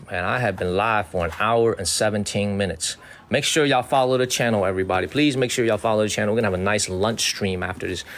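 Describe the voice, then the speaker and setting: A man from Chicago hosting a casual livestream outdoors on city streets. He sounds excitable and repetitive, ending sentences with "man". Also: on the low side, slight background noise. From Chicago, USA. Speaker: livestream host.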